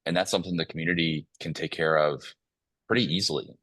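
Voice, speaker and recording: A man's voice: a bass voice, fairly even intonation, fast talker, a bit bright, no echo. A man speaking as a company CEO guest, telling a long story in an earnest way with plenty of fillers. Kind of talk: casual panel talk, telling a story.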